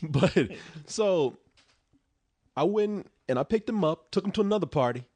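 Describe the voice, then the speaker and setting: A man's voice: high voice, measured pace, no room sound. A man telling a rowdy story in casual chat, swearing freely and laughing along with his own tale. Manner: profane, animated storytelling with laughs. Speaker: storyteller on a talk show.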